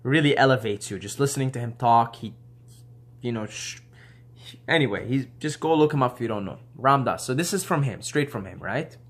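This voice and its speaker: A man's voice: medium pitch, expressive, fairly quick. A man talking casually to the camera, laid-back and rambling with slangy asides and frequent laughter. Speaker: video host.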